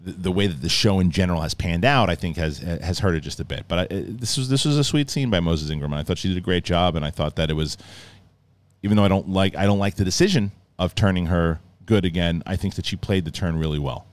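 Middle-aged man, low-pitched, loose rambling review commentary with plenty of restarts. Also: fast. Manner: rambling, acts out scenes in mock voices. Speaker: show reviewer.

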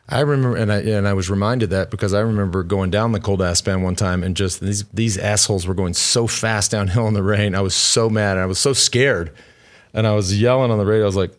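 Blunt, rambling low-voiced man. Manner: blunt, profane, rambling with restarts. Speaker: podcast co-host and former pro cyclist. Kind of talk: casual chat.

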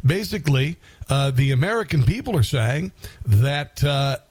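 A man's voice: medium pitch, lively intonation, moderate pace, a little mellow, no echo. A man hosting a talk radio show, delivering a combative, sarcastic monologue.

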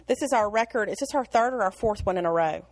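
A woman's voice: medium pitch, expressive, fast talker, background noise. A woman with a Southern American accent co-hosting a casual podcast over an online call, chatty and storytelling with frequent laughs. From Alabama, US South. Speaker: podcast co-host. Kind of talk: casual chat.

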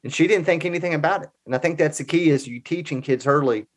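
A man's voice: on the high side, quick pace. A man in his forties telling personal stories as a guest in a casual interview, in an earnest, conversational way. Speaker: podcast guest.

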